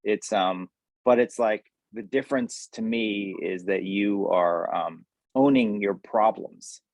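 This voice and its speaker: A man's voice: lowish voice, slow, a little mellow, no echo. A man with a New Jersey accent, a guest actor talking in a wry, joking, rambling way. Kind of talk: casual interview.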